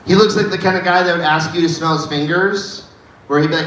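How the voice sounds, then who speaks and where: At an open mic in a dive bar comedy room, a male stand-up comedian tells stories in a laid-back way, often tossing in "dude" asides. His voice is fairly high, fairly quick and a bit bright, caught by a distant mic in an echoey bar with faint noise.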